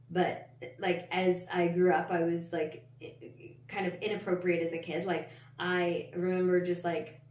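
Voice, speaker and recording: Lower-voiced woman, candid and rambling. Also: darkish tone. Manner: candid and rambling, heavy use of "like", frequent swearing. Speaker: podcast host. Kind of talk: personal storytelling monologue. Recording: roomy, slightly distant mic.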